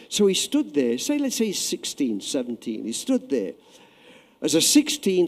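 A man preaching a sermon, telling a story with lively acted-out voices that swell loud at the high points. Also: normal speed. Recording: long hall reverb.

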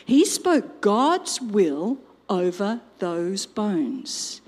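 A woman's voice: medium pitch, sing-song, drawn-out words, darkish tone. An older woman preaching a sermon, telling a family story and acting out quotes and sound effects. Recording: long hall reverb.

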